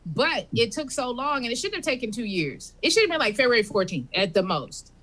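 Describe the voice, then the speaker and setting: A woman's voice: on the high side, very animated, a little fast, a bit bright. A woman doing stand-up comedy, telling a rambling, conversational story.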